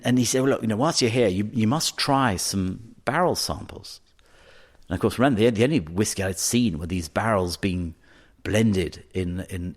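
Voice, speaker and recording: Hesitant low-voiced man in his fifties. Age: 50s. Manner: hesitant, many fillers and restarts. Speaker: distillery CEO, podcast guest. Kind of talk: casual storytelling interview.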